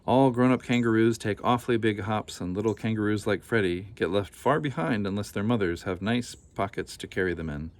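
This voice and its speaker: A man reading a children's picture book aloud in a gentle, unhurried way, with casual asides. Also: fairly low pitch.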